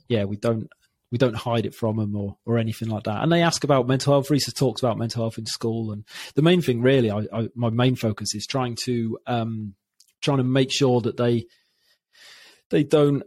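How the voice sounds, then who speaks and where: A man's voice: mid-range voice, darkish tone, no echo. A man, talking openly and reflectively as an interview guest, often restarting his sentences. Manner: open, reflective, halting with many restarts. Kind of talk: candid interview talk.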